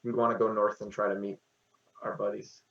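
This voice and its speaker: A man's voice: fairly low pitch, little pitch movement, fairly quick, creaky, fairly bright tone, reverberant, recorded from a distance. A man playing a tabletop game, easygoing and a bit hesitant, often restarting his sentences. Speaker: player. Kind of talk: casual tabletop play. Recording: dull lo-fi mic.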